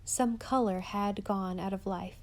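A woman narrating a storybook in an expressive, measured reading voice. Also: medium pitch. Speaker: audiobook narrator.

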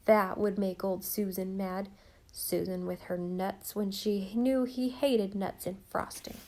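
A woman reads a classic children's novel aloud as an audiobook narrator. Her voice is warm and mellow at a middle pitch. She is expressive and often softens to a hush. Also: takes it slowly, a little hiss or hum.

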